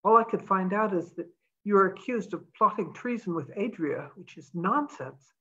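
A woman's voice: medium pitch, animated, normal speed, bright, forceful tone, muffled recording, pitched above the performer's own voice. A woman reading aloud, voicing a determined young woman who talks urgently and pleads.

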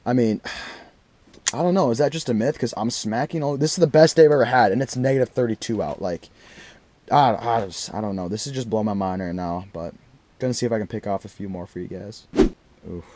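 Excitable young man, exclaiming while ice fishing. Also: lowish voice, a little fast. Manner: excitable, exclaims loudly, slangy. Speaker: fishing vlogger. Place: ice fishing on a frozen lake in deep cold. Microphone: action camera.

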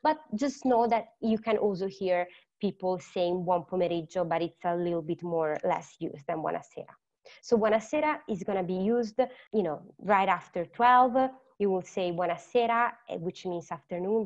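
A woman with an Italian accent, whose first language is Italian, teaching an online language class. She explains patiently, repeats words slowly and quizzes her students. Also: on the low side, lo-fi sound. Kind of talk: online lesson.

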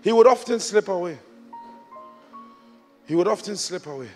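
A man from Ghana preaching a sermon as a bishop, swinging from quiet reflection to shouted exhortation with repeated rhetorical questions. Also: high-pitched, moderate pace, pauses often. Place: large church auditorium. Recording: large church hall with long reverb, music behind.

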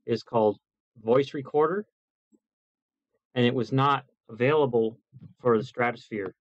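Man, home host, relaxed goofy chatter, lav mic, dry, slightly muffled. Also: mid-range voice, a little slow, no room sound. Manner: loose, joking, talks through each step. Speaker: host testing microphones. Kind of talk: casual chat. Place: home desk by a computer. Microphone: lavalier mic.

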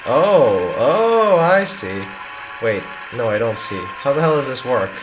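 A man giving casual, excitable, self-mocking commentary while he plays a video game. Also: mid-range voice, slow pace, background noise. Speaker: let's play gamer. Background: game music.

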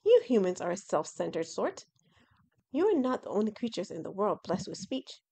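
A woman's voice: mid-range voice, very animated, normal speed, dark tone, slightly rough. A woman voicing a proud male dragon who speaks in a formal, condescending way about humans. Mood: lofty. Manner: formal, old-fashioned speech, condescending.

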